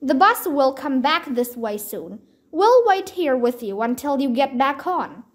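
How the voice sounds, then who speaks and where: A woman's voice: high voice, very animated, unhurried. Woman reading a patient female ranger. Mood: concerned. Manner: patient, kindly explaining. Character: calm, caring female game ranger.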